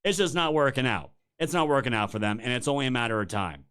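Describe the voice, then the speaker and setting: Quick and expressive, with a mid-range, somewhat bright and clean voice, a man hosts his own political stream. He delivers a heated, profane, sarcastic live rant aimed right at viewers, whom he calls "you guys," in his role as a political commentary host.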